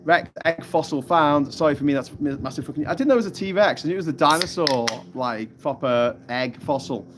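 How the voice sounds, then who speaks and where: A man's voice: fairly high pitch, fairly quick, few pauses, noisy background. A man hosting a live stream from outdoors, rambling, swearing and laughing as he reads out viewer comments. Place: hammock on an island lagoon, outdoors.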